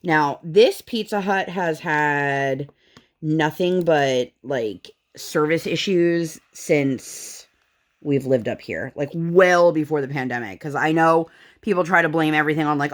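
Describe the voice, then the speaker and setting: A woman in her thirties chatting casually while she crafts, acting out the people in her story with big jumps in her voice. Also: measured pace. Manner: animated storytelling, acts out dialogue with big pitch jumps. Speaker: craft vlogger.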